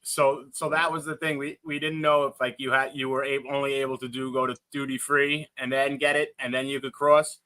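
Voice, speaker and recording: A man co-hosting a casual podcast chat, laughing a lot and quick to agree. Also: medium pitch, little pitch movement, bright, forceful tone, no echo.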